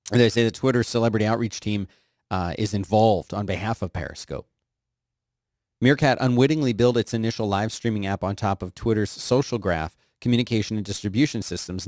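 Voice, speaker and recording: A middle-aged man hosting a podcast, reading tech news in a casual, joking way and sometimes jumping into high silly voices. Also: a little mellow, no echo, clean studio sound. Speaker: podcast host.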